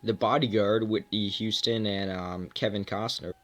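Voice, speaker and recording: A man's voice: on the low side, fairly even intonation, moderate pace, a bit bright. A young man casually reviewing films, rambling with many fillers and self-mocking asides. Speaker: movie reviewer.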